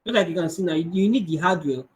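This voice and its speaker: Fast and high-pitched, with a slight strain, a man teaches kids coding via video call and takes their questions in an online Q&A. His manner is conversational with frequent restarts, and the recording quality is low.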